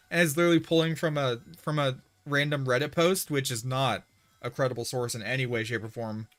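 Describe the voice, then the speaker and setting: Rambling, excitable male gaming streamer. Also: fairly high pitch. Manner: rambling, excitable, many restarts and laughs. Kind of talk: casual livestream chat while gaming.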